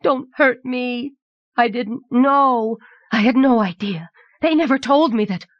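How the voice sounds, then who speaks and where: A woman's voice: fairly high pitch, unhurried, dry recording, dull audio, voice pushed up, natural voice. A woman voicing a frightened young king who wails and pleads. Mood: terrified.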